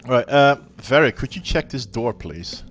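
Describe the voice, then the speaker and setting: A man playing in a tabletop game, chatting in a relaxed, amused way. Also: medium pitch, moderate pace, slight background noise. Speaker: player. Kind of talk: casual tabletop game chat.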